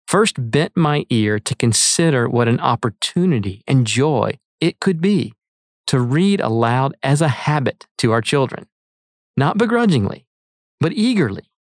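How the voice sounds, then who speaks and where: A middle-aged man reading his own essay aloud in an earnest, measured way. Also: mid-range voice, no echo, clean studio sound. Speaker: author reading his article. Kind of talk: read-aloud essay narration.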